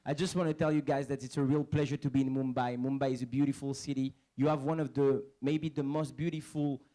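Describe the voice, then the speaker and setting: A young French-accented man, an actor and comedian guest, gives a joking stage speech, playful and laughing, often repeating words as he gets going. His mid-range voice is dark in tone, a little fast, with little pitch movement. The recording quality is low.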